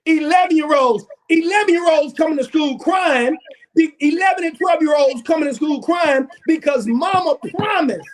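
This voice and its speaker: High-voiced man preaching to a panel. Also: normal speed. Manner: preaching cadence, rising to shouts, voices children's quotes. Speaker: talk show panelist. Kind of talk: impassioned talk show discussion.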